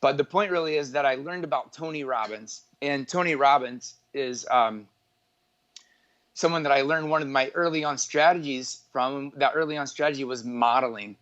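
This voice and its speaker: A man's voice: mid-range voice, moderate pace, a bit bright, highs cut off. A man in his forties, an entrepreneur from northwest Indiana, telling his life story as an interview guest in a rambling way, full of filler words and self-corrections. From northwest Indiana, USA.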